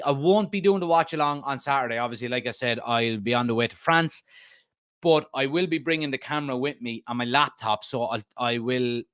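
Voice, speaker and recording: A man's voice: mid-range voice, a bit bright, clear, resonant tone, dry recording, clean studio sound. A man, hosting a football fan live stream, reading comments aloud and rambling casually with many fillers. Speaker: host of a football fan channel.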